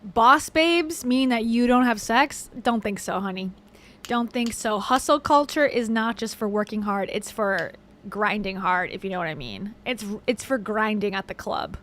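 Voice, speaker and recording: A woman's voice: medium pitch, lively intonation, normal speed, fairly bright tone. A woman hosting reaction commentary, sarcastic and playful as she mocks the clips she plays. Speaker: commentary host.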